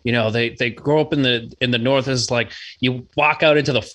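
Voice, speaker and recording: A laid-back man from Massachusetts rambles through a casual podcast chat, swearing freely and leaning on fillers as he searches for words. His voice sits at an ordinary mid pitch. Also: fairly even intonation, fairly quick, a bit bright. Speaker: podcast guest.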